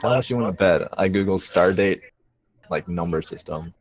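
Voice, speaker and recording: A man's voice: deep voice, normal speed. A man playing a tabletop game over a video call, laid-back and hesitant. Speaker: player.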